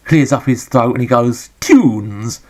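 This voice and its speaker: Sarcastic jokes and grumbles fill the running commentary as an English man reviews a retro game. His voice is mid-range and his pace normal.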